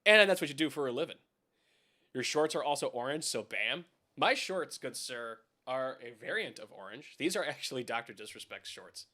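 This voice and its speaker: A young man chats loosely on a live stream from home, talking straight to his viewers. His voice is bright and forceful at a middle pitch, and he rambles, swears and laughs along the way. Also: expressive, fairly quick. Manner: rambling, swears, laughs often, talks to chat. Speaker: live-stream host reviewing keyboards. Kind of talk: casual live-stream chat.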